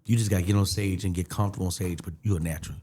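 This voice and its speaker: A man's voice: deep voice, rapid-fire. A man, a comedian guest telling stories in casual podcast chat and acting out the other people's voices. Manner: animated storyteller acting out voices.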